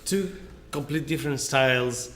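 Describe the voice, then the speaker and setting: A man's voice: mid-range voice, moderate pace, fairly bright tone. Hesitant man. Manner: hesitant, searching for words with many uhs. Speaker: wine tasting co-host. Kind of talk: casual online tasting chat.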